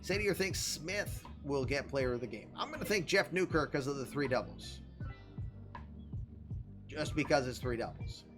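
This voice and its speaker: A man's voice: a little high, lively intonation, normal speed, music in the background. A man hosting a casual recap of an online baseball league, tired and yawning, chatty and laughing at his own jokes. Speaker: host reading online league baseball results. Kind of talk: casual game recap commentary.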